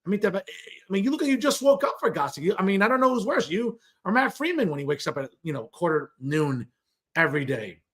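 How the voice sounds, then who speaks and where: A man with a high voice hosts political commentary, and he sounds combative and mocking. He drops Spanish phrases into his talk and keeps addressing his listeners directly. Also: very animated, fast, fairly bright tone. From New Jersey.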